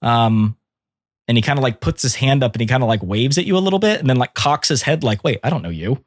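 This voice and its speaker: A man narrating as game master in a tabletop role-playing game, casual and quick, slipping briefly into character voices. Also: mid-range voice, no echo, clean studio sound.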